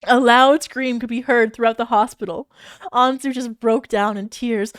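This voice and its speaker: A woman's voice: on the high side, fairly even intonation, moderate pace, fairly bright tone, no echo, studio quality. Giggly woman reading fanfiction aloud. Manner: giggly, exclaiming, reacting. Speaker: streamer.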